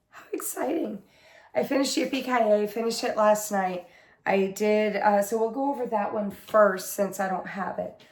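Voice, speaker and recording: A hoarse woman getting over an illness, with a smoky, husky voice, chatting casually as host of her cross-stitch video in her craft room. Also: mid-range voice, darkish tone, roomy sound. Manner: rambling, chatty, full of fillers. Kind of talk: casual chat to camera.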